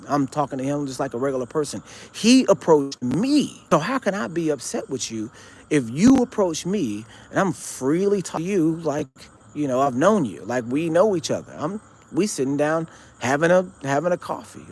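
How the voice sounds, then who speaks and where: A man's voice: fairly high pitch, slightly rough. A man hosting his own show, telling a story in a rambling, conversational way with lots of fillers and restarts. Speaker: show host recounting an encounter. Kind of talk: casual storytelling monologue.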